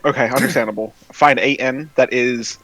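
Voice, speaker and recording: A man's voice: medium pitch, fairly even intonation, normal speed, a bit bright, dry recording, poor audio. Easygoing man at the game table. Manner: easygoing, jokey. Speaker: player. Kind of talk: casual chat at a game table.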